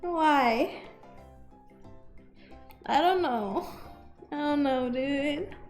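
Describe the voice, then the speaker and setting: A woman's voice: high-pitched, very slow, faint music behind. A woman streaming a dating game, chatting casually and reacting in a giggly, flustered way. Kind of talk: casual game stream, reading dialogue aloud.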